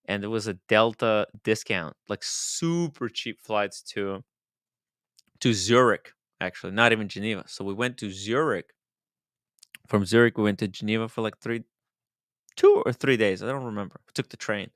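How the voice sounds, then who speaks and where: A man hosting a casual livestream chat, his voice bright and crisp. He is animated, laughs a lot and drifts into quiet mumbles. The sound is close and dry. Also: lowish voice, normal speed, dry recording. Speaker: host.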